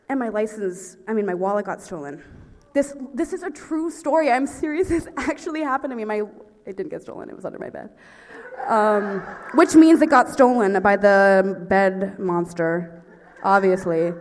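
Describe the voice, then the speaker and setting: A young woman performing a stand-up story, talking in a breathless, excitable way and laughing at her own jokes. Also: mid-range voice, a little fast. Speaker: stand-up comedian. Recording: reverberant hall.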